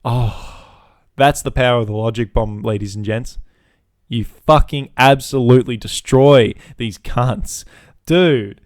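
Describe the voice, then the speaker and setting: A man's voice: medium pitch, moderate pace, no echo, studio quality. Sweary man ranting. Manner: swaggering, sweary, mocking. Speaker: podcast host. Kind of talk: profane storytelling rant. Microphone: podcast mic.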